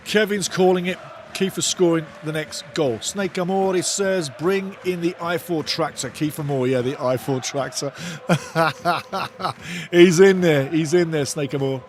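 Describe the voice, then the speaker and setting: Excitable man calling a live watch-along. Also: on the high side, a little slow, a little hiss or hum. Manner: animated, bursts into shouts at big moments, reads viewer comments aloud; repeats phrases for emphasis. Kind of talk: excitable live commentary and chat reading.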